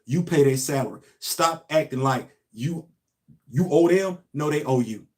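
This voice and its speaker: An emphatic male commentator, hammering points home through repetition. His voice sits a bit high for a man. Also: a little slow. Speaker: host. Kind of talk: casual commentary monologue.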